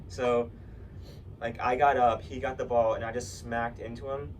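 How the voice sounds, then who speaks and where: A man's voice: mid-range voice, level tone, moderate pace. A teenage boy telling a rambling story in casual chat, full of fillers and swearing. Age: teens. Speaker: podcast co-host. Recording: distant mic with noise.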